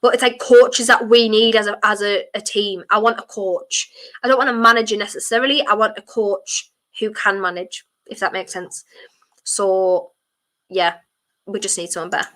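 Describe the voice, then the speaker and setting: A woman streaming a football watchalong, chatting her opinions and breaking into shouts at fouls. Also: medium pitch, fairly even intonation, normal speed. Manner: passionate, blunt, chatty opinions. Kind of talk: live match commentary and fan chat.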